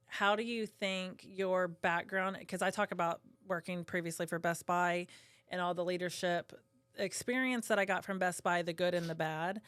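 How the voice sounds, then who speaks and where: Smooth, low-voiced woman podcast host. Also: fairly bright tone, no room sound. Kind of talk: casual interview.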